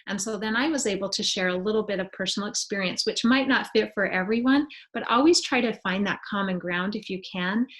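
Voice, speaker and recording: A woman gives a relaxed, explanatory webinar presentation over a computer microphone. She talks conversationally and often pauses on fillers as she works through each idea. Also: mid-range voice. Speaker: webinar presenter on student well-being.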